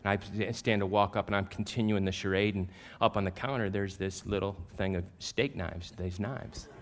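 Lowish-voiced man in his fifties preaching. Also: normal speed. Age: 50s. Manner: animated, self-deprecating storyteller who gets loud at punchlines. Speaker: pastor. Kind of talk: sermon with personal storytelling.

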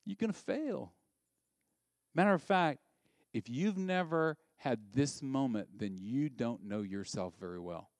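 A male pastor giving a sermon, animated and conversational, asking the listeners direct questions. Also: medium pitch, a little slow, dry recording.

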